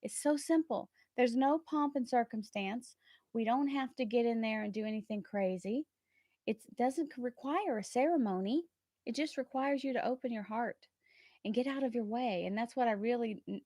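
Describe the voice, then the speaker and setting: A woman hosting a tarot livestream, talking earnestly and warmly about trust and spirit, often laughing between thoughts. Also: fairly high pitch, normal speed, no room sound, studio quality. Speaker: tarot reader and channel host. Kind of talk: casual livestream chat.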